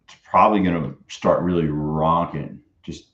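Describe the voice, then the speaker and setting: A young man with a very deep voice talks through his trades in a loose, crude, half-muttered stream of commentary. His voice sounds dull and lo-fi, and it rings a little in a roomy space. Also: fairly even intonation, moderate pace, fairly bright tone. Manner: loose, crude, muttering to himself with bursts of banter. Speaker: live-streaming day trader. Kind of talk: casual running commentary while trading.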